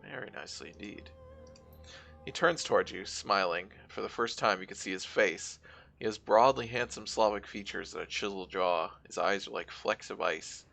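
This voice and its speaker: A man's voice: on the low side, normal speed, gravelly. A man streaming a game, reading its narration aloud with casual asides. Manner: casual asides between steady read narration. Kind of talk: reading a game's text aloud while playing.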